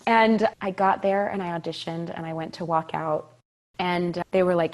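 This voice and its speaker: This is a young woman in her twenties recounting her story in a casual podcast interview. Her voice sits slightly low, and she tells it with animated emphasis, stacking repeated phrases and laughing often along the way. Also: moderate pace. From California. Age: 20s. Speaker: Broadway actress, guest.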